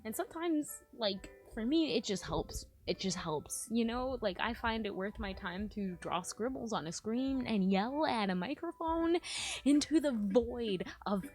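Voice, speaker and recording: A woman's voice: a little high, expressive, a little slow, a little mellow, faint music behind. A woman talking to her viewers in a rambling, confessional vlog about her feelings, often trailing off mid-sentence. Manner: emotional, self-searching, trails off mid-sentence. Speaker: spiritual vlogger.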